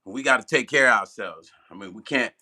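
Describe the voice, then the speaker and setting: Bright-voiced man chatting casually on a live stream. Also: fairly low pitch, expressive, a little fast. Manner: loose and chatty, repeats himself, laughs at his own slips. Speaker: music producer hosting a live stream.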